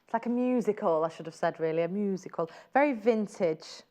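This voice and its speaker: A woman's voice: medium pitch, fairly quick, a little mellow. A woman presenting fabrics on a live shopping channel, chatty and gushing as she exclaims over each print. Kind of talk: live TV selling chat.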